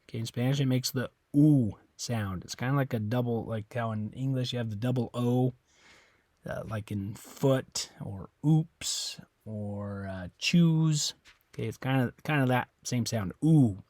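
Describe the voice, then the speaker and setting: A man teaching a Spanish pronunciation lesson, patient and repetitive, often pausing to check understanding and saying words slowly. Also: mid-range voice, darkish tone, no room sound. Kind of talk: classroom lesson explanation.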